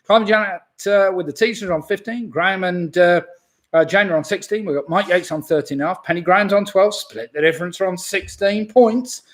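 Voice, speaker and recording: A man's voice: high voice, a little fast, a bit bright. A man hosts a live online pub quiz from home. He reads answers and team scores in a chatty, easygoing way and drops small jokes between questions. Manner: chatty, jokey asides while reading answers.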